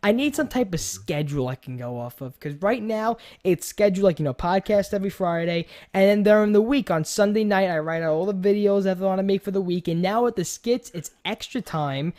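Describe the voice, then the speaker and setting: A man's voice: high voice, brisk, hardly any pauses, a little mellow. A young man with a New York accent hosting a casual gaming podcast, rambling, repeating himself and swearing freely. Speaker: podcast host. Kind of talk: casual chat.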